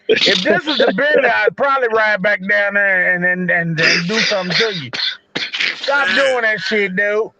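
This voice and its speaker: A man with a high, bright voice tells profane stories with animated energy. The sound is dry and dull, like a lo-fi recording. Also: dry recording. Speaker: podcast co-host. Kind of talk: casual storytelling chat.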